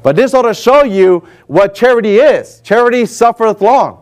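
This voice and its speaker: A man delivers a sermon in a church, reading scripture aloud and acting out the figures in it. His voice sits high for a man. He talks with lively, animated energy. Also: normal speed. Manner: animated, acts out voices for Moses and God. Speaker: preacher. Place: warm indoor church hall.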